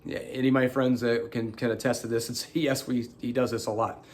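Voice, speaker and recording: A man's voice: mid-range voice, a little fast. A middle-aged man hosting a show, telling a personal story in casual talk and acting out the voices of the people in it. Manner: animated, acts out quotes with sudden loud outbursts. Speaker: host.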